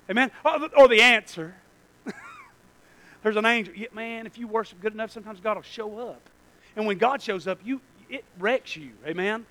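A man preaching a sermon to a church congregation, swinging from low asides to shouted, drawn-out peaks. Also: dry recording, low-quality recording.

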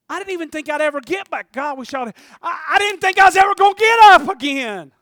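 A man's voice: extremely high pitch, gravelly, a little mellow, dry recording, studio quality, voice pushed up, heavily acted. A man preaching plays a beaten, dying man who pleads by the roadside with stammering cries.

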